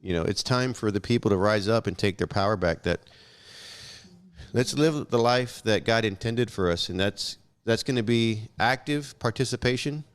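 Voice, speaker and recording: A man's voice: lowish voice, moderate pace, clear, resonant tone. A young adult man in casual chat on a podcast, telling stories bluntly with swearing and acting out the dialogue. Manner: blunt, profane, animated storyteller acting out dialogue. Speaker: podcast guest.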